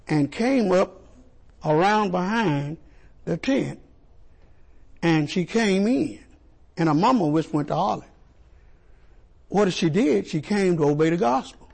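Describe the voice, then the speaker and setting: A man preaching a sermon, animated and repetitive, asking the congregation questions and stumbling over words. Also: fairly high pitch, gravelly, husky. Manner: animated call-and-response preaching, repeats and stumbles.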